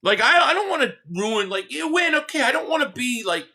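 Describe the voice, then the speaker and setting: A man hosts a live sports reaction stream, ranting heatedly with lots of profanity while reading out viewer chats. His very high voice is brisk, pushed, and bright, with big pitch swings.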